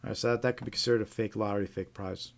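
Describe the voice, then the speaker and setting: Casual low-voiced man hosting a live stream. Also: fairly even intonation, racing, vocal fry. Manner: casual, reads reports aloud with many fillers and restarts. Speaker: host. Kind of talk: live stream commentary reading reports.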